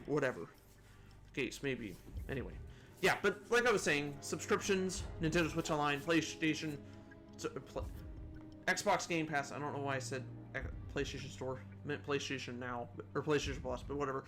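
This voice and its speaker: A man's voice: mid-range voice, a little fast, fairly bright tone, faint music behind. A man hosting a casual gaming commentary video, rambling with lots of restarts and asides. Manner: rambling, many restarts and asides, chuckles at own jokes.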